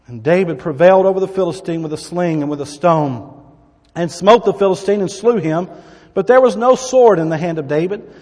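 A man's voice: sits high, a little fast, a little mellow, in a large hall. A man preaching a sermon, reading Bible verses dramatically and adding asides to the congregation. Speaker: pastor.

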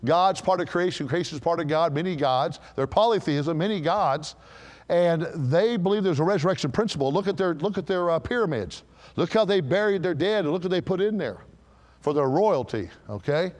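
A pastor preaching an animated sermon in a large church, asking the congregation questions and building to forceful emphasis. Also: male voice, fairly high pitch, moderate pace, in a large hall.

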